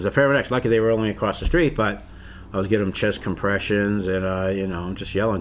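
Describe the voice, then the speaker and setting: A middle-aged man, a bereaved father, recalling a hard morning in an interview, halting and repeating himself. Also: on the low side, steady tone, slight background noise. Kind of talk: interview recollection.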